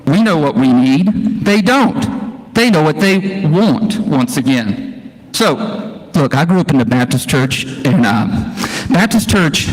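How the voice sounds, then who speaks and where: A man, a school teacher, giving a folksy, impassioned town hall speech full of rhetorical questions. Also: fairly high pitch. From Louisiana. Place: church hall, live audience. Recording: echoey hall, live stream.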